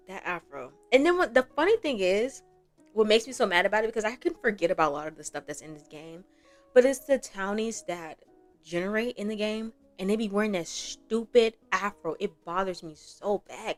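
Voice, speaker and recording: A young woman giving casual gameplay commentary as a gaming creator, chatty and rambling, laughing often. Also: on the low side.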